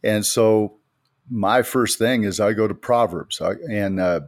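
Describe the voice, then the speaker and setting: The speaker is a middle-aged man from the United States co-hosting an informal faith podcast, where he retells anecdotes with emphasis as a storyteller. His low voice moves at an unhurried pace. The studio-quality recording is dry.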